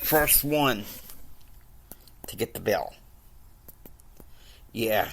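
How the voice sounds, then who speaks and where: Deep-voiced woman retelling a story, slow, lots of "and, and", lively ups and downs. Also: slight background noise. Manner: hesitant, with repeated words and asides.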